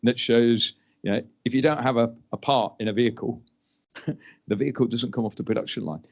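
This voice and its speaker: A man speaking on an industry panel, measured and emphatic, acting out short quotes. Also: mid-range voice, creaky. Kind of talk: panel discussion.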